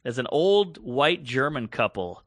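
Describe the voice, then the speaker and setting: A man's voice: mid-range voice, unhurried, no room sound, studio quality. A man co-hosting a podcast, telling a story in casual chat and acting out the voices of the people in it. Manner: animated storyteller who acts out quoted voices. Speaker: podcast co-host.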